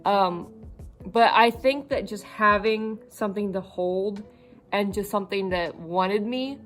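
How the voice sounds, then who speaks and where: A young woman vlogger talking casually about her cat, halting with many fillers and fighting back tears. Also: medium pitch, a bit bright, soft background music. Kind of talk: casual vlog.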